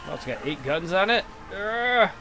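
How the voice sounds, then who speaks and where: A young man talks his way through a video game in a loose, profane, joking style, taunting enemy ships as he plays. His voice sits a little high for a man. Game music plays clearly behind him. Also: sing-song, moderate pace. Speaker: let's play commentator. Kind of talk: casual gameplay commentary.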